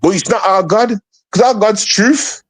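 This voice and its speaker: A man's voice: high-pitched, a little slow, no echo. A male streamer talking in casual stream chat, taunting and swearing a lot.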